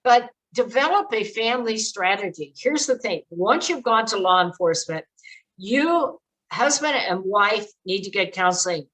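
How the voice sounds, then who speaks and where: A woman's voice: mid-range voice, expressive, moderate pace, a bit bright, low-quality recording. An older woman giving earnest, direct advice to parents in a presentation, with frequent fillers. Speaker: speaker on child exploitation prevention.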